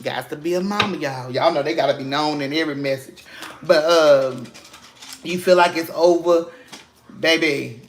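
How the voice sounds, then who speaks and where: A male tarot reader with a slightly high voice speaks at a moderate pace over slight background noise, giving viewers a casual spiritual reading. Emphatic and preachy yet encouraging, he swears openly and calls them "baby" and "y'all."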